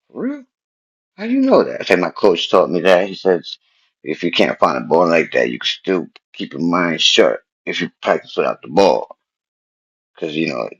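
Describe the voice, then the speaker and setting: A man casually telling a personal story in street slang, animated and repeating himself as he goes. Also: low-pitched, vocal fry, breathy edge, dull audio.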